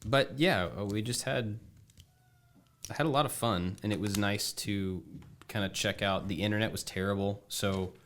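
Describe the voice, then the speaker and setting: Relaxed low-voiced man chatting. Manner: relaxed, halting with fillers. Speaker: podcast co-host. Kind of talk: casual chat.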